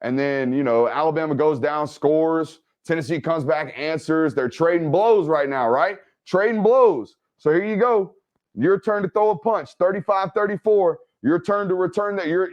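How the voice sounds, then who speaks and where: A man hosting an energetic game film breakdown. He keeps checking in with "right?" and "okay?". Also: a little high, dull audio. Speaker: football film analyst and host.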